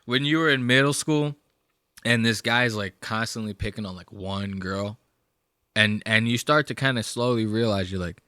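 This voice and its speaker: A young male podcast host reacting to clips in casual, profane, rambling talk. His voice is bright and forward. The sound is dry and close. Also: lowish voice, normal speed, clear, resonant tone, no echo.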